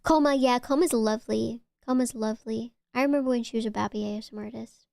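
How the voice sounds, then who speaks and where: A woman streams and chats casually with her audience, her voice sitting high. She gushes and stumbles into quick restarts. The sound is close and dry, with no room around it. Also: gravelly, dark tone, no room sound. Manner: chatty, stammering restarts, gushing. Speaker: VTuber streamer. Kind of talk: casual chat with live chat.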